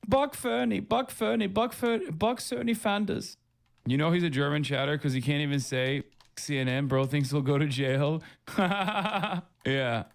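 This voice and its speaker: A man hosting a casual livestream, reading viewer comments aloud in a mocking tone and laughing often between quick asides. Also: mid-range voice. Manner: reads chat messages in a mocking tone, laughs often, fast asides. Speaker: livestream host.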